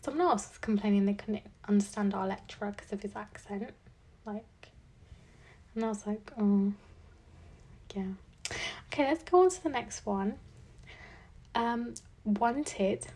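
A woman's voice: mid-range voice, normal speed, pauses often, a little mellow. A twenty-year-old woman hosting a casual solo podcast, chatty and thinking aloud with lots of likes and ums. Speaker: podcast host.

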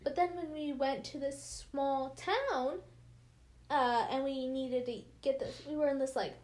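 A young woman from the United States tells stories in a casual chat with friends. Her voice sits high, and she has a slight lisp. She rambles through her tales with plenty of fillers and easy laughter. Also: measured pace, a little mellow.

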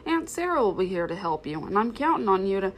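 Kind young husband in a rush, talks quick, woman reading. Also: medium pitch, big pitch swings. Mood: hurried. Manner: hurried, warm. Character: young husband and dog owner, kind and hurried.

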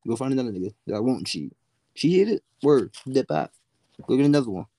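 A young man chatting on a podcast, animated, laughing often and acting out the people in his stories. His voice is mellow and warm, and the sound is dry and close. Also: medium pitch, fairly quick, no echo. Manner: animated storyteller, acts out voices, laughs often, swears freely. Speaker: podcast guest. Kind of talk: casual chat. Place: in a car.

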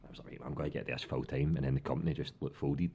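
Fast-talking deep-voiced Glaswegian man. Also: a little hiss or hum. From Glasgow, Scotland. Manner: animated storyteller, swears freely, laughs often. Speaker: guest. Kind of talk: casual chat.

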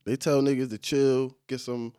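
A young American man co-hosting a casual chat, blunt and animated, with a lot of profane banter. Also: mid-range voice, moderate pace, clear, resonant tone, dry recording, studio quality. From United States.

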